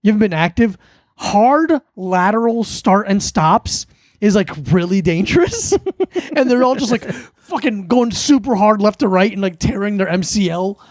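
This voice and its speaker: A man's voice: high voice, normal speed, no room sound, clean studio sound. A man filling in as guest on a comedy podcast, chatting loosely, swearing freely and explaining things. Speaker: guest co-host. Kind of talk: casual comedic chat.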